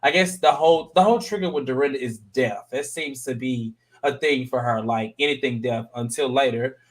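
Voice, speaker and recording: Animated man recapping reality TV. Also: a little fast. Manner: animated, acts out quotes with high voice jumps. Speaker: podcast panel host recapping a reality show. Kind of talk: casual chat.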